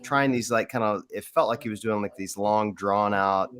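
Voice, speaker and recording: A man's voice: on the low side, normal speed, a bit bright. A man co-hosting a casual movie chat, wry and skeptical. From American South. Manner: wry, skeptical, dry asides. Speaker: podcast co-host.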